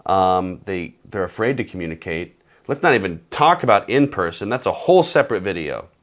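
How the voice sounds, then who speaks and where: A man in his thirties giving comedic advice, animated and sarcastic, acting out bits of phone calls. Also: sits low, brisk. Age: 30s. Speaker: host.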